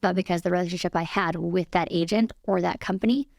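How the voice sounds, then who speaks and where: A woman real estate agent as an interview guest, calm and easygoing as she talks. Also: lowish voice, fast, gravelly, no room sound, clean studio sound. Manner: calm, easygoing, laughs easily. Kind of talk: casual interview chat.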